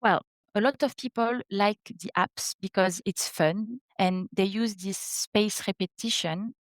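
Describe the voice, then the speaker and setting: A woman's voice: medium pitch, unhurried, no room sound. A woman in her thirties from France with a French accent, a French teacher speaking in an interview, earnest and explanatory. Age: 30s. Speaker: French teacher, podcast guest. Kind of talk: interview conversation.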